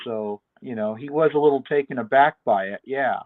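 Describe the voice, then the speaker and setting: A man talking through a TV episode with his co-host over a thin, phone-like line. The sound is dry and close, and he is relaxed, repeating words as he restarts sentences and breaking into laughs. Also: mid-range voice, moderate pace, hardly any pauses, no room sound. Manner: laid-back, stammering restarts, laughs often. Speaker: podcast co-host. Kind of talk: casual TV review chat. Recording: dry tinny call audio.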